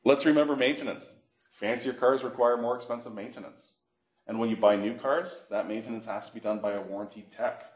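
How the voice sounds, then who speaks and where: A middle-aged man from Canada, a financial educator giving a workshop, telling animated stories and acting out phone calls. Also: medium pitch, a little fast. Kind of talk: workshop presentation with anecdotes. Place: library meeting room. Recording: echoey room.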